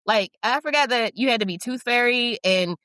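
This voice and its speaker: A woman's voice: a little high, normal speed, fairly bright tone, no echo. A middle-aged woman hosting a casual podcast chat, talking candidly and with self-deprecating humor. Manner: candid, self-deprecating, chatty with frequent likes and you-knows. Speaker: podcast host.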